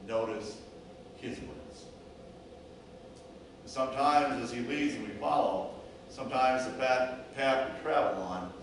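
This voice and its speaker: A male pastor preaches a sermon at a slow, deliberate pace and strings words into rhythmic lists. His voice echoes heavily through the church sanctuary. The microphone sits some distance from him. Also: mid-range voice, slight background noise.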